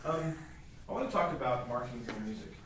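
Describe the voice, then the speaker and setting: A man with a medium-pitched voice speaks fairly quickly, heard from far off in an echoey hall with crowd noise. As a masterclass teacher coaching a string quartet, he is playful and given to vivid sound words.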